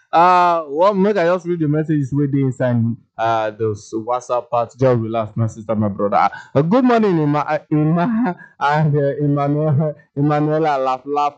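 A man with a Nigerian Pidgin accent hosting a radio phone-in show, lively and jokey as he reads listener messages aloud. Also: medium pitch. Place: radio studio. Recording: dull lo-fi radio broadcast.

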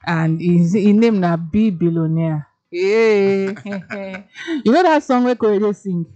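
A woman's voice: mid-range voice, expressive, unhurried, mellow, muffled recording, soft background music. A woman from Nigeria with a Nigerian accent, hosting a radio show and chatting playfully in Pidgin. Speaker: radio host. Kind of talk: casual radio chat in Pidgin.

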